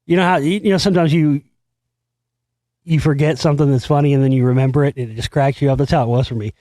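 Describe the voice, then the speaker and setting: Casual American male host, a bit higher-pitched, profane and rambling, laughs easily, recorded dry. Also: fairly even intonation, quick pace, warm tone, no room sound. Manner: rambling, profane, laughs at his own stories. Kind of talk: casual solo talk show monologue.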